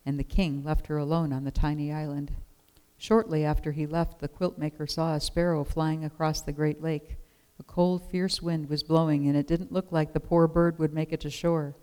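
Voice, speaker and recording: A storyteller reading a children's picture book aloud in an expressive, measured way. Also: medium pitch, smooth.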